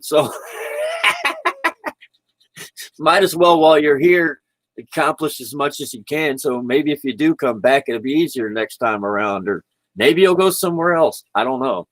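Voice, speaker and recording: At home indoors, a vlogger chats casually about spirituality into his computer microphone on a livestream, his fairly high, bright voice slowish and full of pauses. He's laid-back and rambling and laughs often, though the recording is dry and rough.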